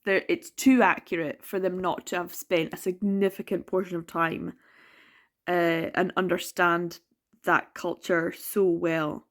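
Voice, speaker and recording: A woman's voice: on the low side, flat delivery, measured pace. A young woman from the Isle of Lewis with a Scottish Western Isles accent, chatting casually and reflectively in a reading vlog, often trailing off and restarting. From Isle of Lewis, Scotland. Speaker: book vlogger.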